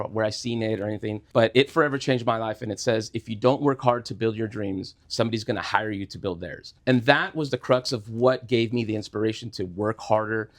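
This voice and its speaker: A man being interviewed, telling a personal story in an earnest, halting way with many restarts. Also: mid-range voice. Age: adult, former student. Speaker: interview guest.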